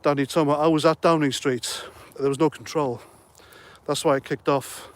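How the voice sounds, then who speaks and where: This middle-aged man hosts a laid-back livestream, reading comments and rambling along with jokes. His voice is fairly high with a steady tone at a normal speed, and he sounds slightly out of breath.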